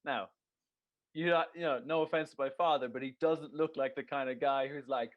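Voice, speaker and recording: A podcast co-host in a casual chat tells stories in a ranting, sweary way, laughing at himself as he goes. His mid-range voice moves fairly quickly with fairly even intonation, over dull lo-fi podcast audio.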